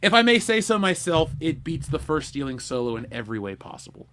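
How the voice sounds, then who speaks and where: A man co-hosting a podcast in casual chat, excitable and quick to laugh as he plugs his projects. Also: a little high. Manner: excitable, laughs a lot, plugs merch and Patreon. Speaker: podcast co-host.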